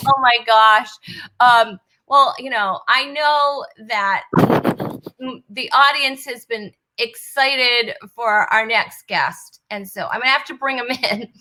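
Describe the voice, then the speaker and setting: A woman's voice: on the high side, slow, pushed and bright, low-quality recording. A woman from New England hosting a casual online talk show, chatty, with frequent laughs and fillers over a video call. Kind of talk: casual chat.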